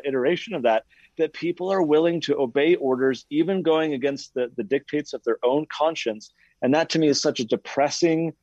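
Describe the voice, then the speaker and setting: Animated man telling a story, dry lo-fi sound. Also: mid-range voice, dry recording. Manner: animated storyteller acting out quoted voices. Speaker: podcast co-host. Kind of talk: casual podcast discussion.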